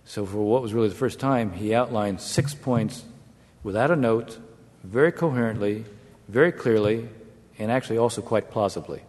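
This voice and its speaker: A man, a former negotiator, telling a wry anecdote to an audience in a measured way. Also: fairly low pitch, a little mellow. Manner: measured, wry storytelling with brief chuckles. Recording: long hall reverb.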